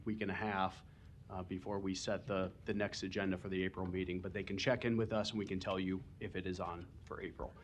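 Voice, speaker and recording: A man with a fairly low voice explains procedures to a planning board in a council chamber, hesitating with ums as he goes. A faint hum sits behind him. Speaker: planning department staff member. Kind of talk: staff briefing at a public meeting.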